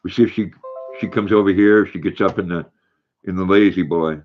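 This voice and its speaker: A man's voice: deep voice, fairly even intonation, a little fast, lo-fi sound, faint music behind. An older man hosting a casual livestream, reading viewer comments aloud and cooing baby talk to his dog. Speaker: livestream host.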